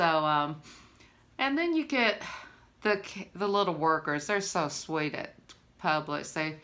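A woman's voice: low-pitched, sharp tone. A woman, chatting to camera in a rambling, friendly way and laughing often. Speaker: vlogger. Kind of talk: casual chat to camera.

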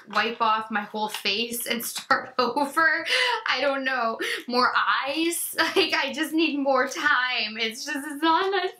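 A woman's voice: fairly high pitch, sharp tone. A woman beauty vlogger chatting casually during an unboxing, gushing and emotional. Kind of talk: casual unboxing vlog chat.

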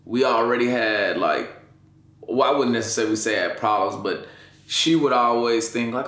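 A man's voice: medium pitch, moderate pace, a bit bright, reverberant. A man telling, with strong emotion, the story of his son's accident in an interview, in casual slangy speech. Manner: slangy, emotional, repeats "you know what I'm saying".

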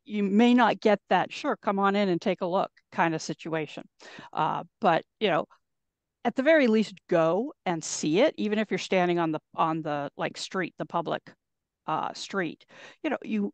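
A woman's voice: mid-range voice, moderate pace, no echo. An American woman on a panel, giving advice in a conversational way with lots of fillers. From United States. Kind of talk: casual discussion.

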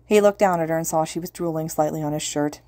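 A woman narrating a story in a steady audiobook style. Her voice is low and mellow. The recording is close and dry. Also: quick pace, no echo. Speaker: podfic reader.

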